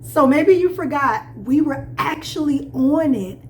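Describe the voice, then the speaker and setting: A woman from Chicago co-hosting a travel vlog, telling travel stories in a high-energy, animated way. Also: a little slow, slight background noise. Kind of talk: casual travel chat.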